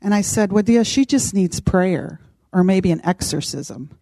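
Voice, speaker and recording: A middle-aged woman casually telling a personal story, animated and acting out what others said. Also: medium pitch, a little slow, vocal fry, dry recording. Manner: animated, acts out quoted voices. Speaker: podcast co-host.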